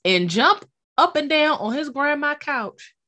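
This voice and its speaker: A woman's voice: high-pitched, expressive, a little slow, pushed and bright. A woman in her late twenties or thirties co-hosting a casual podcast, telling stories animatedly, laughing often and swearing casually. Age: millennial. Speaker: podcast co-host. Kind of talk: casual chat.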